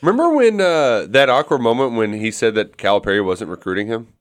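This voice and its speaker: A man's voice: medium pitch, animated, a little fast, clean tone. A man co-hosting a sports podcast, making wry, teasing asides in casual chat.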